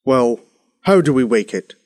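A man's voice: medium pitch, animated, unhurried, a little mellow, no echo, clean studio sound, close to an everyday voice. A man voicing a grumpy, bossy king in a children's storybook, huffy and commanding.

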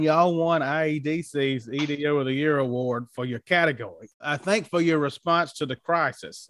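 Southern male host, folksy interviewer, slightly high pitch, dry recording. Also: fairly bright tone, no room sound. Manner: folksy, uses "y'all". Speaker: podcast host. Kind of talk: interview hosting.

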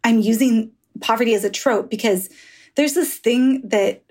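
A woman's voice: fairly high pitch, normal speed, darkish tone. A woman author in a candid podcast interview, talking frankly and rambling through stories with easy laughs and the odd swear. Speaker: author guest.

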